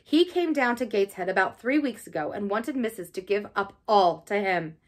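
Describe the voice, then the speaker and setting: A woman's voice: medium pitch, lively intonation, moderate pace, lightly acted. A woman voicing a respectful male servant bringing grave news, in an audiobook reading.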